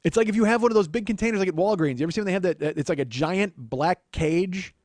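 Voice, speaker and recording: A man's voice: high-pitched, quick pace, a little mellow, no room sound. A man hosting a comedy podcast, telling a story as an exasperated, profane monologue. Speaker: podcast host.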